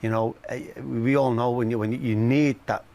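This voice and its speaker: A man chatting as a football pundit in a studio, halting and repeating words as he searches for them. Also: medium pitch, fairly even intonation, dark tone, dull audio. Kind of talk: studio chat.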